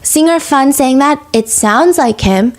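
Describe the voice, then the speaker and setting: A woman hosting a podcast, telling a true-crime story in a brisk, earnest, casual way and asking a lot of questions. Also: high voice, expressive. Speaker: podcast host.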